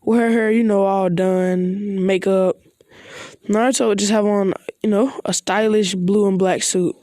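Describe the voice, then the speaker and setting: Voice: mid-range voice, steady tone, measured pace, a little mellow, dry recording, studio quality. A casual fan storyteller making up an anime what-if plot on the spot, rambling and hesitant with slangy asides. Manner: rambling, hesitant, slangy with many "you know" and "bro". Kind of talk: improvised fan-fiction narration.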